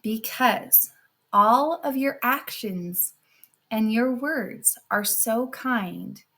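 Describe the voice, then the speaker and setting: A woman voicing a fairy princess who speaks slowly and solemnly. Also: on the high side, a bit bright, full character voice. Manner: slow, measured, pronouncing. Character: solemn fairy princess granting a blessing or curse.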